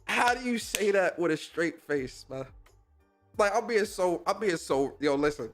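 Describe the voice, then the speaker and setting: A man's voice: high-pitched, unhurried, faint music behind. A young man hosting a podcast, reacting to clips in casual, slangy commentary and laughing often. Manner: animated, slangy, laughs a lot.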